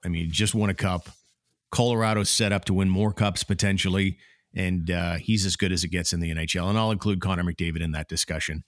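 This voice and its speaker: A man's voice: sits low, steady tone, a little fast, no room sound, studio quality. A man hosting a casual sports podcast, talking in an easygoing way with many fillers. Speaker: podcast host.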